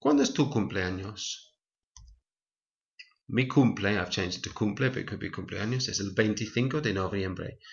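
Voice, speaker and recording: A man teaching a Spanish lesson, reading example lines slowly and explaining each step clearly. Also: on the low side, very animated, muffled recording. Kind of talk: recorded language lesson.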